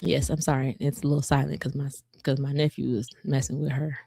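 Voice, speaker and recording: A woman co-hosting a faith podcast, telling family stories in a casual, animated way and acting out the quotes. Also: extremely low pitch, fast talker, creaky, husky, dry recording, studio quality. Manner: animated storytelling, acts out quotes. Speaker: podcast co-host. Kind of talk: casual chat.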